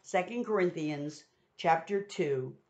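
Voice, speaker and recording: A woman's voice: lowish voice, animated, takes it slowly, a little mellow. A woman giving a conversational Bible teaching, retelling scripture in everyday modern words. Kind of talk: sermon teaching. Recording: dull lo-fi sound.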